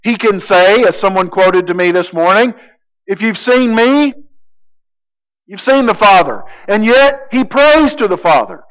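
Preacher, male, high voice, deliberate delivery, builds from quiet to loud points, dull lo-fi sound. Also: animated. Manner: emphatic, swings from hushed to loud. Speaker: pastor. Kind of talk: sermon.

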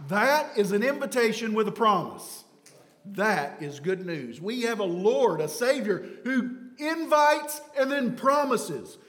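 A man preaching a sermon, swinging from loud emphatic phrases to hushed low words. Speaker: pastor. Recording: long hall reverb.

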